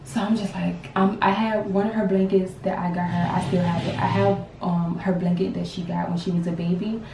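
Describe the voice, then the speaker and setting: A young woman in her twenties, a grieving mother telling her story to camera in a halting, repetitive, emotional way. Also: lowish voice, flat delivery, vocal fry, noisy background. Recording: roomy sound from a distance.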